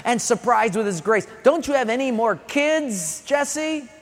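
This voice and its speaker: A man's voice: very high voice, expressive, a little slow, in a large hall, full character voice. A man voicing an old prophet who presses with questions. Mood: insistent. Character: old male prophet, insistent.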